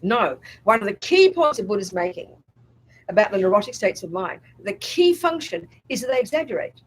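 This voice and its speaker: A Buddhist nun leads a retreat talk in a slightly husky voice that swings widely up and down in pitch. She is blunt and emphatic and keeps asking the room whether they get her point. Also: very animated, a little fast, low-quality recording. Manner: emphatic and blunt, asks the audience if they follow; acts out inner voices in quotes. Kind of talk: dharma talk to a live group.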